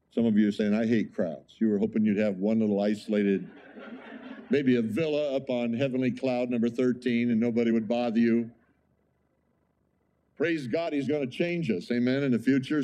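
Pastor guy preaching, warm mellow voice, chatty with lots of rhetorical questions. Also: mid-range voice. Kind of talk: sermon.

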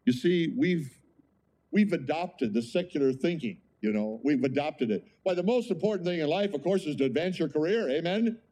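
Mellow-voiced man preaching a sermon. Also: a little high, lively intonation, moderate pace. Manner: conversational preaching with rhetorical questions. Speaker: pastor.

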